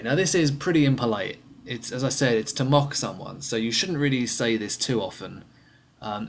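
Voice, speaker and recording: A man gives a simple lesson on everyday slang. He speaks clearly and patiently and repeats each example slowly so learners can follow. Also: mid-range voice, a little hiss or hum. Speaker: English teacher.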